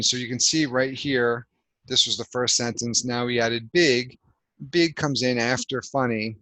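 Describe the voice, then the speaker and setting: Bright-voiced patient male English teacher. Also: medium pitch, no room sound, rough recording. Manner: patient, explaining step by step with many fillers. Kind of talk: online language lesson. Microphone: video call.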